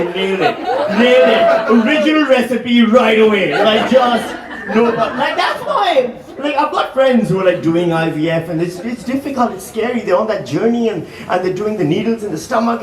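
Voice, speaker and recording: Guy in his 40s doing standup, high lively voice, roomy hall, crowd laughing loud. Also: far from the mic. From Pakistan. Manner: animated, quick shifts into acted-out quotes. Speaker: stand-up comedian. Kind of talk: stand-up comedy set. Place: museum hall, live audience.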